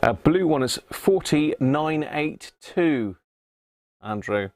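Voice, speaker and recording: A man's voice: fairly high pitch, lively intonation, slow, darkish tone, dry recording, clean studio sound, faint music behind. A man with a southern English accent hosting a casual livestream, chuckling often and answering viewers by name as he looks over old radios at his workbench. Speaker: livestream host restoring vintage radios. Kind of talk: casual live-chat commentary. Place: home workshop.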